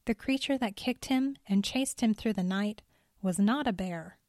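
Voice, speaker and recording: A woman telling a story in calm, measured scripted narration. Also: mid-range voice, no echo, studio quality.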